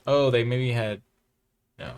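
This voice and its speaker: A man's voice: mid-range voice, steady tone, slow, slight background noise. A man hosting live gameplay commentary, thinking aloud and reacting to each play with groans, exclamations and wry self-mocking asides. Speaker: host.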